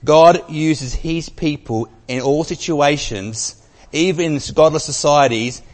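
A man preaching a sermon, telling a story with emphasis and dropping from loud to very soft. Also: a little high, slow pace. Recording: long reverb of a large hall.

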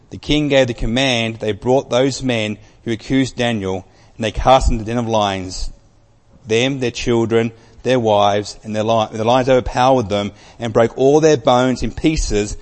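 A man preaching a sermon, telling a story with emphasis and dropping from loud to very soft. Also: mid-range voice. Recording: long reverb of a large hall.

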